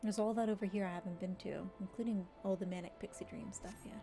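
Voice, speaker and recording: A woman's voice: mid-range voice, steady tone, fast talker, over music. A woman game streamer giving blunt, sweary, chatty commentary while she plays. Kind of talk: casual gameplay commentary.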